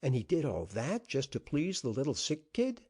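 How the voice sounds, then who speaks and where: A man's voice: mid-range voice, wildly swooping pitch, normal speed, darkish tone, breathy edge, voice pushed up. A man reading an audiobook, voicing a cordial, eager young male newspaper reporter. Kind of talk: audiobook character voice.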